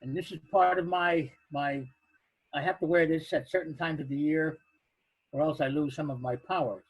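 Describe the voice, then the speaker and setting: Older male storyteller, husky and high-pitched, halting anecdote delivery. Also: fairly even intonation, no room sound, poor audio. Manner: acts out the other speakers' lines, halting with restarts.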